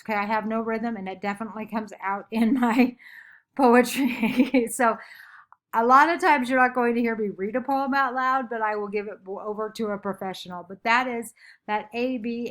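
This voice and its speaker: A woman's voice: fairly high pitch, a bit bright. A woman teacher giving a recorded lesson on poetry terms in a chatty, self-deprecating way, often checking in with "okay?". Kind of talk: recorded classroom lecture.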